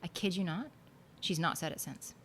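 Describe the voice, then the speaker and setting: A woman guest on a podcast, telling animated stories in a casual chat and laughing often. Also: fairly low pitch, normal speed, slight background noise.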